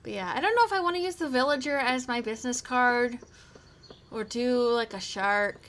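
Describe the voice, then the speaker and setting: Bright-voiced chatty young woman streamer. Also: a little high, moderate pace. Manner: chatty and giggly, rambling with silly asides. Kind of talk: casual live-stream chat while gaming.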